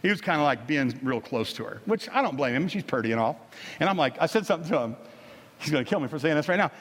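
Middle-aged male pastor, folksy and conversational, voice a touch high, long church reverb. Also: lively intonation, fast talker, husky. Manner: casual, folksy storytelling with frequent restarts. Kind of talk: sermon. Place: church sanctuary.

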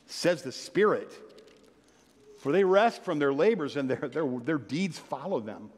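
A man preaching a sermon, reading scripture and telling playful stories with sudden loud bursts of excitement. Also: on the high side, measured pace, husky. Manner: animated, playful storytelling with sudden loud outbursts. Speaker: pastor. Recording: long hall reverb.

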